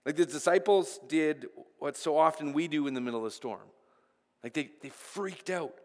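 A man's voice: fairly high pitch, moderate pace, darkish tone, in a large hall. A pastor preaching a sermon, earnest, often repeating the first word of a phrase as he goes.

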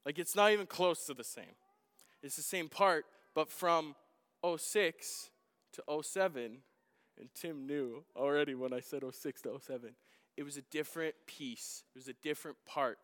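High-voiced preacher man in a reverberant hall. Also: moderate pace. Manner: animated, self-deprecating, swings from quiet to loud. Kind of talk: sermon storytelling.

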